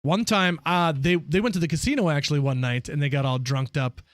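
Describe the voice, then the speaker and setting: A man streaming live, telling stories in a casual, profane, animated way. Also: fairly high pitch, brisk, no echo.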